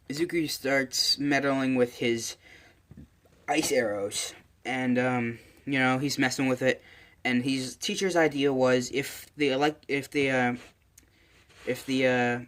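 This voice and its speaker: A man's voice: mid-range voice, fairly even intonation, slow, fairly bright tone. A man casually narrating a fan story, rambling with lots of fillers and self-corrections. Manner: rambling, many fillers and restarts. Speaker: channel host.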